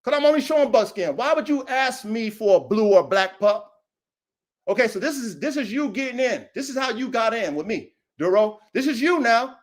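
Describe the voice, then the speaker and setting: Male podcast host, AAVE speech, very high voice, combative and repetitive, addressing a rival directly. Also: lively intonation, normal speed. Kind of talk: confrontational livestream call-out.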